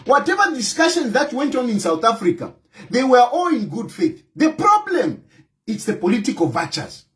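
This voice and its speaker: A man's voice: extremely high pitch, very animated, normal speed, a bit bright, poor audio. A man with a Zambian accent, delivering impassioned political commentary in a scolding, combative tone and repeating his points for emphasis. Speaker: opposition party president.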